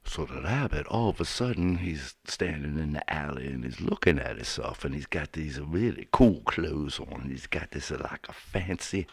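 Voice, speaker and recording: Very deep gravelly laid-back male storyteller. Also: lively intonation, moderate pace, few pauses, dry recording. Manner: laid-back, slangy, rambling. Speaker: narrator. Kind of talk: casual spoken storytelling over music. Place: recording studio.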